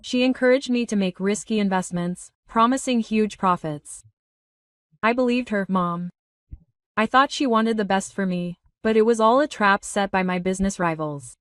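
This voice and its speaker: A woman's voice: medium pitch, moderate pace, no room sound, clean studio sound, distant mic, lightly acted. A woman reading a ruined, remorseful grown son. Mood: despairing. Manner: broken, pleading confession.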